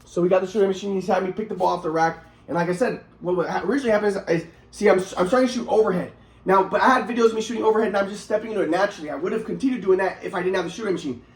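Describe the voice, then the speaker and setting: A man's voice: sits high, rapid-fire. Agitated, profane man in an echoey room. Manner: agitated, profane, repeats and restarts himself. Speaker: vlogger telling his own story. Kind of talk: rambling personal monologue.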